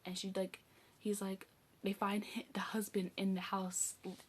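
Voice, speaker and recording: A young woman recaps a movie on her channel in a mid-range, breathy voice with little pitch movement and normal speed. Her retelling of the plot is loose, chatty and rambling, packed with "like" and "um."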